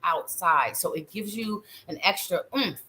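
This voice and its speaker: Bright, chatty woman doing tarot readings. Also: on the low side, unhurried, slight background noise, rough recording. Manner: chatty, playful, talks straight to the viewer; laughs often. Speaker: psychic reader hosting a live show. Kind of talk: live tarot reading chat.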